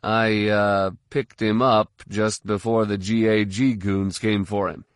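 A man voicing a calm, deadpan military general in an audiobook, measured and even. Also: on the low side, clean tone, no room sound, clean studio sound. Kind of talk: audiobook character voice.

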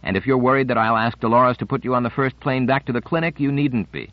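A careful, caring doctor , as a male narrator reads him, offers measured reassurance. The audiobook recording is dry and a bit muffled. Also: mid-range voice, dry recording, natural voice. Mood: reassuring. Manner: cautious, reassuring. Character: cautious, caring male physician.

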